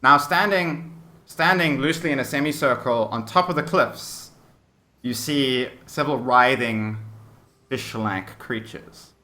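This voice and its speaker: A man's voice: medium pitch, a little slow, sharp tone. A man narrating a tabletop game as game master, descriptive and full of fillers. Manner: descriptive, hesitant with many fillers.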